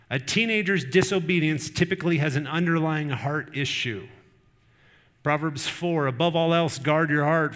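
A man's voice: on the high side, a bit bright. A middle-aged man preaching a sermon, earnest and conversational, with personal stories. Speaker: pastor.

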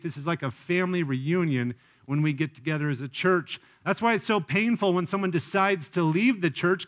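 A male pastor delivering a sermon in a somewhat high voice. He speaks earnestly and personally, often turning to the congregation with direct questions. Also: fairly bright tone. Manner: earnest preaching with frequent rhetorical questions.

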